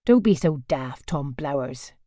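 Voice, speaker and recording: A woman's voice: low voice, expressive, unhurried, mellow, no room sound, voice pushed down. A woman voicing a dry, caustic village postmistress in an audiobook. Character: dry sharp middle-aged village postmistress.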